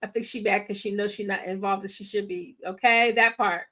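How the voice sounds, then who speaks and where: A woman hosting a casual movie reaction, talking to her viewers with playful slang and loud exclamations. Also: mid-range voice, fairly even intonation, fairly quick. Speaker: film reaction host.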